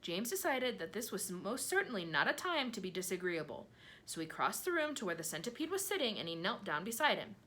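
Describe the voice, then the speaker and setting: Animated woman reading a storybook aloud. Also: mid-range voice, brisk. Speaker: reader. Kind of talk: expressive children's read-aloud narration.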